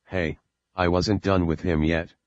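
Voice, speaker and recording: Reading like an audiobook on a dull lo-fi recording that is dry and slightly muffled, a very low-voiced man voices an angry father who hurls insults at his child and threatens and scolds with each line. He keeps a level tone and an unhurried pace.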